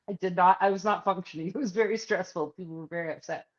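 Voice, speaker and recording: Her voice is on the low side and her pace quick, with the high frequencies cut off. She's a podcast co-host spinning a casual personal tale full of profanity, animatedly performing what others said.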